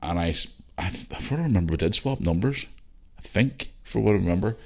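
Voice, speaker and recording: A man's voice: low-pitched, animated, fairly quick, creaky. A man with a Northern Irish accent hosting a casual solo podcast, rambling and chatty, repeating himself and swearing freely. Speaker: podcast host.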